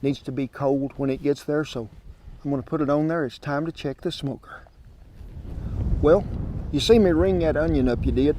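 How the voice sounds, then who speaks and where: A chatty man walks viewers through his cooking outdoors, his voice sitting slightly high. He talks in a folksy drawl, and faint ambient noise from the open air sits behind him. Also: normal speed, pauses often, warm tone. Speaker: cooking show host. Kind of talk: casual cooking demonstration. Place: outdoors by a smoker grill.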